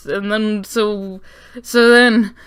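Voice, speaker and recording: A woman's voice: mid-range voice, steady tone, extremely slow, a bit bright, smooth. A young woman recapping a story timeline in a sarcastic, rambling way with lots of swearing. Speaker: lore recap narrator. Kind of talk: comedic lore recap.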